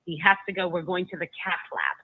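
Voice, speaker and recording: A woman being interviewed, telling a personal story in a halting way, often restarting and repeating her words. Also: fairly low pitch, big pitch swings, slightly rough, no echo. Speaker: guest recounting a personal story. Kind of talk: emotional first-person storytelling. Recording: tinny phone-like line, dry.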